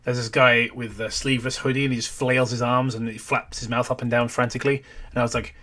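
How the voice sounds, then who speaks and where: A man's voice: medium pitch, level tone, fast, fairly bright tone. A man giving sarcastic reaction commentary over a gameplay video, critical and swearing casually.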